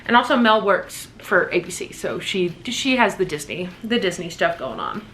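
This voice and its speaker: A young woman with a bright, forceful voice gushes over her birthday gifts in a casual home vlog. She talks fast and excitably, dropping casual swears, with a faint hum of the room behind her. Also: lowish voice. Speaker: vlogger.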